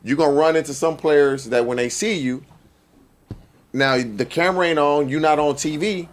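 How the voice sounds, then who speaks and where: A man who played pro sports, speaking in a measured, thoughtful way on a talk panel. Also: on the high side.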